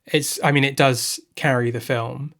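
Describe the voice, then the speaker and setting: A man in relaxed conversation on a film podcast, talking at a mid pitch. He thinks aloud and restarts his sentences, keeping an easy, casual tone. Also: normal speed, creaky. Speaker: podcast co-host.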